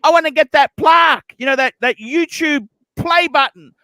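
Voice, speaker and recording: High, bright-voiced complaining man. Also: moderate pace, no echo. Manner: complaining, swearing, self-pitying. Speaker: livestream host. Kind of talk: rambling livestream chat.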